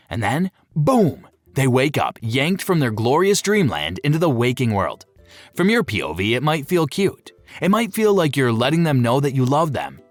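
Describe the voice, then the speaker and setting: A man's voice: mid-range voice, no room sound. A man giving scripted narration for a pet-care video, playful and fond of jokey asides.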